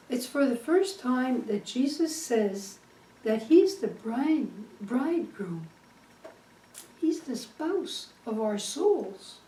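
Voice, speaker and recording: Slow, earnest woman preaching. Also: fairly high pitch, big pitch swings, mellow. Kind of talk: sermon. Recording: echoey room, distant mic.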